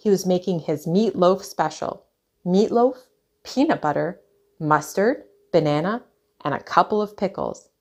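A woman reading a children's picture book aloud, clear and expressive. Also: lowish voice, a little slow. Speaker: storyteller.

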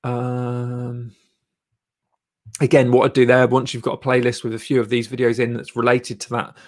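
Man, live-stream channel coach, rambling, lots of ums, encouraging, mid-pitched voice. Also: completely flat delivery, normal speed. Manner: rambling, filler-heavy, encouraging. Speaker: YouTube channel coach and host.

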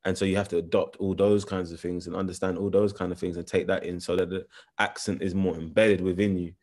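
A man with a London accent talks through his answers in an interview, thinking aloud and circling back with restarts. His voice sits very low. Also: level tone, fast, a little mellow. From England. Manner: thoughtful, searching for words with restarts. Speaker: actor, interview guest.

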